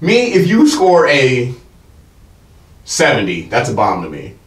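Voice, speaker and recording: A man hosting a casual comedy chat who tells stories with lively acted-out quotes. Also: medium pitch, a little slow. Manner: animated storyteller, acts out quotes. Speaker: comedian and interviewer. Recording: roomy, distant mic, faint noise.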